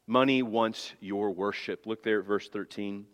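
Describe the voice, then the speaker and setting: A man preaching a sermon as pastor, emphatic, swinging between hushed low passages and loud high appeals. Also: fairly even intonation, a little slow, big-room sound.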